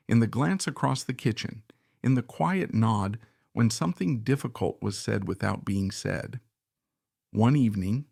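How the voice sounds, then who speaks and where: A man reading scripted story narration in a steady, reflective way. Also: lowish voice, creaky, dry recording, clean studio sound.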